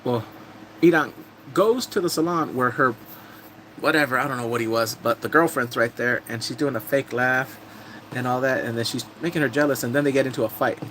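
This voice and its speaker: A man casually recapping TV drama episodes on a live stream, telling it with animated energy and acting out characters' lines. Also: medium pitch, a little fast, a little hiss or hum, poor audio.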